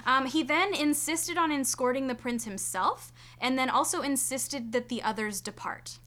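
Bright, chatty young woman podcaster. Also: high-pitched, normal speed. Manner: chatty, rambling with fillers and asides. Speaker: podcast co-host. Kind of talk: casual storytelling chat.

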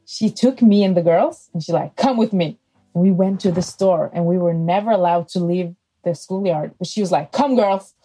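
A woman in her thirties, a pastor and podcast guest, telling personal stories in a lively way and acting out the people she quotes. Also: fairly low pitch, rough recording. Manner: animated, acts out quoted voices. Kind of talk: conversational storytelling.

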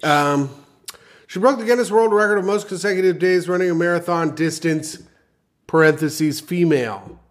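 A man's voice: high-pitched, moderate pace. Crude joking male podcast host. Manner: crude, mock-serious news reading with jokes. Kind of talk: casual comedy podcast chat.

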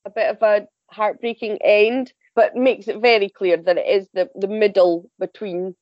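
A woman's voice: medium pitch, fairly even intonation, normal speed, no echo, muffled recording. A woman contributing to a podcast chat, talking enthusiastically about TV shows. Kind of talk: casual chat.

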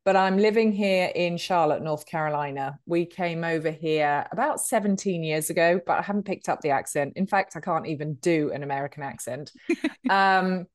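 British woman, 50s, lower voice, chatty guest, dry close mic. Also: normal speed, dry recording. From Britain. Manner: chatty, warm-humored, many ums. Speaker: podcast guest, author and speaker. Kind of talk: conversational interview.

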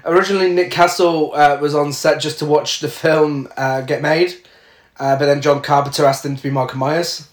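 Man with a higher voice reading trivia. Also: steady tone, normal speed, reverberant. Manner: reads facts aloud with frequent uhs and laughs. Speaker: podcast co-host reading film trivia. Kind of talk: casual chat reading trivia notes.

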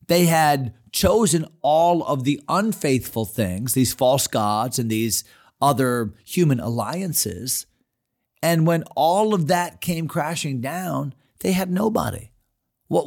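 A man's voice: fairly high pitch, gravelly, a little mellow. A man hosting a Bible teaching program, speaking in an earnest, conversational way with frequent fillers. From United States.

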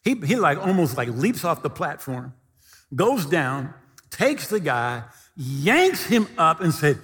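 A male pastor preaching a sermon, telling stories with animated delivery and shouting the quoted lines. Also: on the high side, slow pace, big-room sound.

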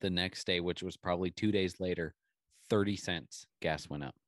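A man co-hosting a podcast in casual chat, throwing in deadpan joking asides. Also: deep voice, normal speed, dry recording, studio quality. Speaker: podcast co-host.

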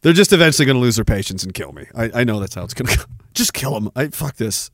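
A man's voice: medium pitch, big pitch swings, fast, fairly bright tone, no echo, studio quality. A tired man hosting a podcast, rambling sarcastically in casual chat as he reads out viewer comments. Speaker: podcast host.

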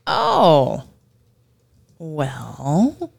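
A woman co-hosting a running podcast in casual chat, halting and full of short affirmations. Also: sits low, huge pitch swings, vocal fry, darkish tone, husky. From Florida. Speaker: podcast co-host.

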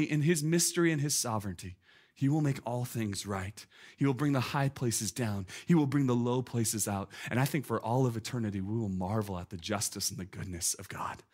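A man in his thirties, a pastor preaching a conversational, lively sermon full of "like" and "listen". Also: mid-range voice. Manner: conversational, animated, peppered with "like" and "listen".

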